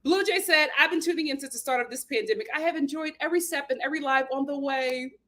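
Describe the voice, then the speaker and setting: High-voiced lady chatting on her live stream, sassy and lively, reading comments out loud. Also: quick pace. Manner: lively, sassy, reads viewer comments aloud and greets them. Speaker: host of a live show. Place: home in Los Angeles.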